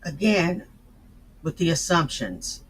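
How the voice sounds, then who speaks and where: A man's voice: a little high, very animated, takes it slowly, a bit bright, slight background noise. A man on a livestream, firing back defensively and indignantly at the host. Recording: dull lo-fi stream audio.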